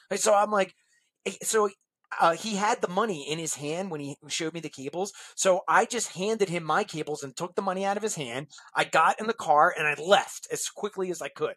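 A man sits as a guest on an interview podcast, telling a rambling personal anecdote. His voice has a husky, slightly breathy edge. He acts out the people in his story as he goes along. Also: sits high, normal speed. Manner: lively storyteller acting out other people's lines.

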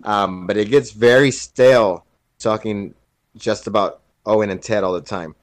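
Halting man chatting on a podcast. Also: lowish voice, steady tone, no room sound. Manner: halting, restarts often. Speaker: podcast co-host. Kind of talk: casual chat.

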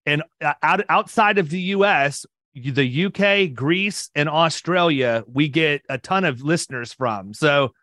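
A man in his fifties hosts an interview in a relaxed, rambling way. He often restarts his sentences, and his voice runs slightly high. The recording is dry, with no room sound. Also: measured pace, dry recording. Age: 50s. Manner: talkative, rambling with frequent restarts. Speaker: podcast host. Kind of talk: casual interview chat.

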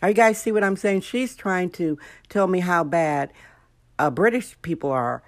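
A woman's voice: fairly low pitch, moderate pace, no echo, clean studio sound. An American woman hosting a podcast, telling stories in a casual monologue and acting out the voices of people she quotes. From United States. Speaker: podcast host.

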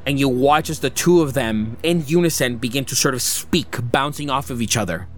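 A man narrating a tabletop game as game master, slowly describing the scene with many hedging "sort of"s. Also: medium pitch, soft background music.

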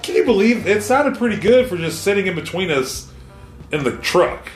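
Animated, joking man in an echoey garage. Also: high voice, moderate pace, soft background music. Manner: loud, joking, swears freely. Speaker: podcast co-host. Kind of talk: casual podcast banter. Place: home garage.

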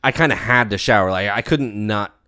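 A podcast co-host talking in an easy, laid-back way, laughing often and dropping the odd swear word. His voice sits fairly low. The recording is dry and close. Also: fairly quick, sharp tone, no echo. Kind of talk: casual chat.

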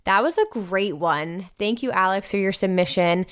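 A woman's voice: mid-range voice, normal speed, a bit bright. A young woman hosting a casual podcast, reading listener messages aloud with upbeat enthusiasm. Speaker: host reading listener submissions.

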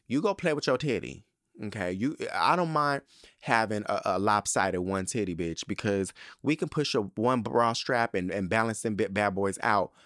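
A young man with a lowish voice hosts a casual podcast monologue. He tells his story in a sassy, animated way and leans on emphatic repetition. The sound is dry and close, with no room around it. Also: no echo. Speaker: podcast host.

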